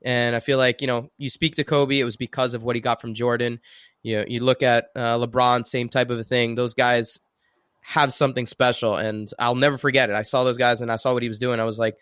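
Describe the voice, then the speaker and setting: A man hosting a podcast, telling an animated story in casual chat and acting out the quotes. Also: medium pitch, a little fast, clear, resonant tone, no echo, clean studio sound. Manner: lively, animated storyteller who acts out quotes. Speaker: podcast host.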